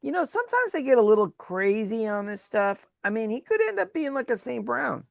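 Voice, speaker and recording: A woman's voice: fairly high pitch, brisk, gravelly, dry recording, clean studio sound. A woman co-hosting a sports podcast, a former agent, telling stories in casual chat and laughing often. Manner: lively storyteller who laughs often.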